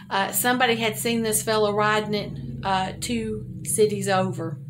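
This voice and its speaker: A woman's voice: medium pitch, a bit bright, a little hiss or hum. An older woman vlogger telling a rambling, chatty story to her viewers and laughing at her own jokes. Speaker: homesteading vlogger.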